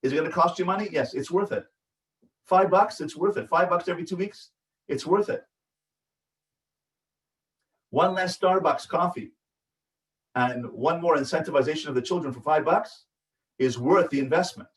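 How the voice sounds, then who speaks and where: A man's voice: a little high, moderate pace, long pauses. A man, a rabbi, giving a parenting lecture in an emphatic, repetitive way that keeps checking in with his listeners. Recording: echoey room, voice from a distance.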